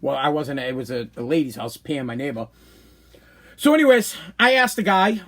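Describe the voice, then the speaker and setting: A man hosting a podcast, telling a story in a rambling, animated way and stumbling over repeated words. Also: fairly high pitch, fast. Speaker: podcast host. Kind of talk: casual storytelling monologue.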